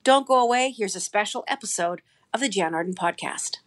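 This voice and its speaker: A woman's voice: medium pitch, brisk. Upbeat woman introducing a show. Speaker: host.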